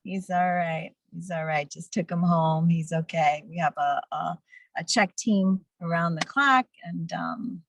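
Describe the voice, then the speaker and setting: A woman's voice: lowish voice, a little slow, gravelly, dry recording, low-quality recording. A woman in her fifties, a guest speaker and nonprofit founder, giving earnest and encouraging interview answers over a video call. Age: 50s.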